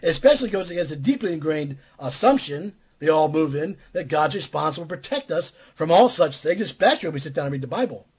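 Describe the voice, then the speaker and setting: A man with a somewhat high, husky voice delivers a sermon. He speaks bluntly and emphatically, hammering his points home by repeating phrases. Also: animated, fast talker, hardly any pauses. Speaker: preacher.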